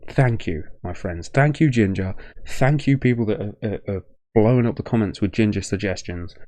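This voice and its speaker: A man's voice: on the low side, moderate pace, warm tone, dry recording. A tired man from Leicester, hosting a music reaction video in a rambling, effusive way, full of thank-yous. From Leicester, English Midlands. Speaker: music reaction channel host. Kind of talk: casual reaction-video chat.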